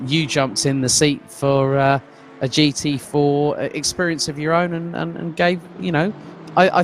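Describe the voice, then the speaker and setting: A man's voice: on the high side, a little hiss or hum. Man commentating a sim race. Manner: conversational, fillers and restarts, reads out viewer comments. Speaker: lead commentator.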